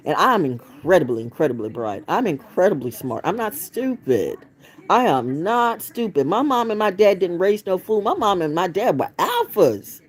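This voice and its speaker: A woman's voice: fairly low pitch, a little mellow. A middle-aged woman from the United States ranting casually to her viewers, blunt and profane, telling stories with lots of animation. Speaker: vlogger. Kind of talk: casual rant to camera.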